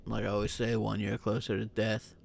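A man's voice: fairly low pitch, monotone, fairly quick, gravelly, a little hiss or hum. A man hosting a podcast in casual chat, joking crudely and laughing often. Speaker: podcast host.

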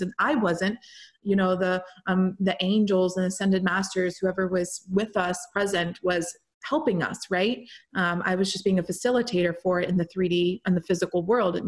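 Woman, young adult, podcast host, casual storytelling, run-on sentences, fillers, medium pitch. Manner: chatty, fillers like "like" and "y'all", breathless run-on sentences.

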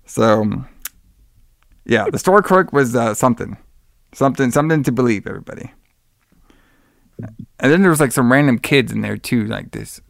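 A man's voice: medium pitch, lively intonation, normal speed, gravelly, long pauses, no room sound, studio quality. A man co-hosting a podcast in a casual movie-review chat, rambling, laughing often and swearing freely. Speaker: podcast co-host.

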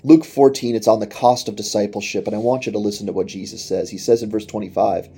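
A man's voice: on the low side, steady tone, quick pace, mellow, husky. A man preaching a sermon in an earnest manner, reading scripture and voicing quoted speech with rising intensity. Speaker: pastor.

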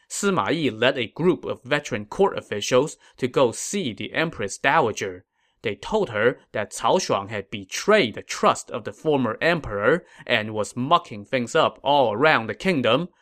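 A man's voice: medium pitch, fairly bright tone. A man hosting a history podcast, narrating from a script in a storytelling way with casual asides.

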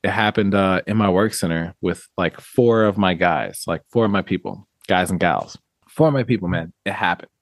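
A man in a casual podcast chat, telling animated, profane stories about managing people and acting out quotes. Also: sits low, normal speed, dry recording, clean studio sound.

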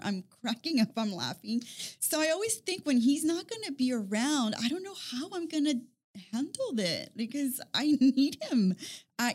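A woman's voice: a little high, darkish tone. A woman in casual conversation, talking in long rambling runs with repeated words and frequent laughter. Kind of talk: casual chat.

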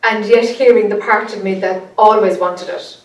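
A woman's voice: medium pitch, moderate pace, recorded from a distance. Irish woman telling a story in an echoey room. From Ireland. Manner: earnest storytelling, animated when recounting. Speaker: spiritual teacher. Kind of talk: spoken teaching to a group.

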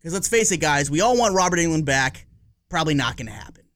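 A man in his forties with a slightly higher-than-usual voice co-hosts a podcast. He talks casually and at length, swearing freely and laughing easily as he wanders from point to point. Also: expressive, quick pace, fairly bright tone, no echo. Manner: rambling, profane, laughs easily. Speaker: podcast co-host. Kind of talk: casual chat.

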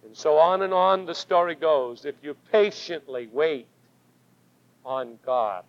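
A man preaching a sermon with fervent emphasis, his voice swelling on key words and dropping to a hush. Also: a little high, expressive, slow pace, dry recording. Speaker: pastor. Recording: dull lo-fi sermon recording.

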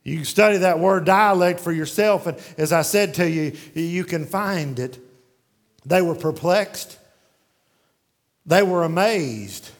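A man preaching a sermon verse by verse, asking and answering his own questions and slowing down to read scripture aloud. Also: fairly high pitch. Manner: varies pace widely, slowing down when reading scripture aloud. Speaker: pastor.

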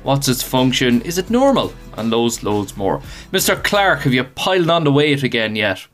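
A man hosts a casual podcast, his pitch swinging up and down as he banters with his co-host. The talk is relaxed and chatty. Soft music plays faintly behind him. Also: normal speed. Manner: lively, bantering.

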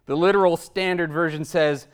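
A man's voice: a little high, fairly even intonation, normal speed, smooth. A man preaching a sermon in an emphatic, rhetorical style, often tagging his points with "right?" and chuckling between them.

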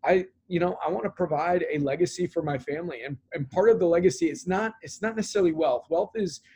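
A man's voice: sits high, fast, dark tone, husky. A man being interviewed as a business owner, talking earnestly about his goals with many fillers and repeated words. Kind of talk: conversational interview answer.

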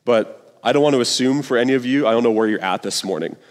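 A man's voice: medium pitch, fast. A young man in his twenties preaching a sermon as youth pastor, casual and conversational with fillers and asides, in a church. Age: 20s. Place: church sanctuary. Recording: long reverb of a large hall.

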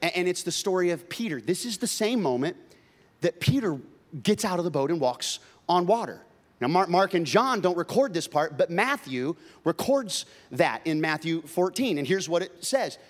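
Male pastor, sermon, conversational, humorous, emphatic, higher-pitched voice. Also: very animated, normal speed.

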